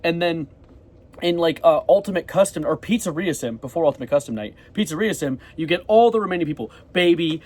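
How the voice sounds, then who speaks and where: A young man with a slightly high voice, talking quickly in a casual, rambling video diary. He swears offhandedly and jumps from thought to thought. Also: expressive, a little mellow. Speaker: vlogger.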